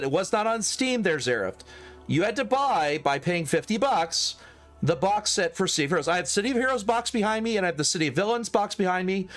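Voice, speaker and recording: A man's voice: high-pitched, a bit bright. A man giving casual, rambling commentary while streaming a video game. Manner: chatty, rambling, prone to tangents.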